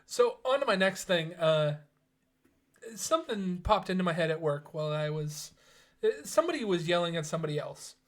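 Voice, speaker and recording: A man's voice: sits high, expressive, normal speed. A man co-hosting a casual podcast chat, probing the others with question after question. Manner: probing, keeps pressing questions. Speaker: podcast co-host.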